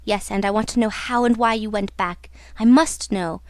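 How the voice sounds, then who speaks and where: A woman's voice: mid-range voice, normal speed, no echo, close to an everyday voice. A woman reading an audiobook and voicing a young nobleman who speaks urgently and insistently. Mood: fierce. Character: young nobleman, protective and fierce.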